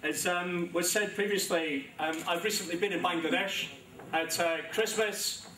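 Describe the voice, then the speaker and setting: A man with a London accent addresses a launch crowd, rambling genially and pausing often on ums. His voice is bright and a touch high. It is recorded from a distance in a large, echoing hall. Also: fairly even intonation, a little hiss or hum. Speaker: government minister giving a speech. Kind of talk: formal speech at a press launch. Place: large echoey event hall. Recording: echoey hall, speaker off-mic.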